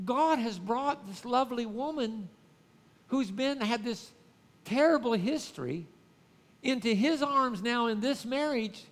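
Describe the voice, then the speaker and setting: Male pastor, high voice, conversational sermon with call-outs to the congregation, church hall with long reverb. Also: a bit bright.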